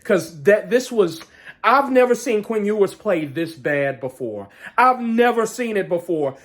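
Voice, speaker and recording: A man ranting about a football game as a fan vlogger, profane, swinging between shouted outbursts and low muttering. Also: expressive, unhurried. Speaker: sports vlogger. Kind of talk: angry fan rant.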